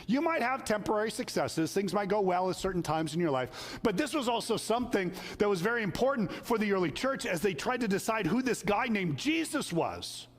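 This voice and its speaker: A man's voice: sits high, expressive, fairly quick, hardly any pauses, long reverb tail. A male pastor preaching a sermon, telling stories in a conversational way and acting out the quotes. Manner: conversational storytelling with acted quotes.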